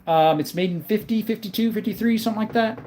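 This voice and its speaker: A man hosting a casual livestream, reading viewers' chat names aloud and answering them in a relaxed, easygoing way. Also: high-pitched, quick pace, slight background noise. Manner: calls viewers brother. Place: home, in front of a counter.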